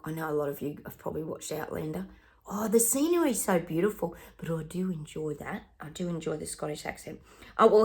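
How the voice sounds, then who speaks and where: An Australian woman talks straight to her viewers in a rambling, chatty monologue. Her voice sits a little low for a woman. She sounds exasperated and gossipy, and keeps calling her audience "guys". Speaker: psychic vlogger. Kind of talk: casual opinion chat to viewers.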